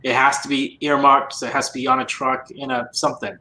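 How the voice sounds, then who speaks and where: A man hosting a casual podcast chat, speaking in a measured, thoughtful way with halting restarts. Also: medium pitch, little pitch movement, sharp tone, echoey room, poor audio. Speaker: podcast host.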